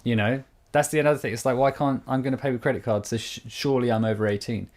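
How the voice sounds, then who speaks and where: A man's voice: medium pitch, fairly even intonation, fast, a little mellow. Rambling, laughing podcast co-host man. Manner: rambling, laughs mid-sentence, lots of "like" and "you know". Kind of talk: casual chat.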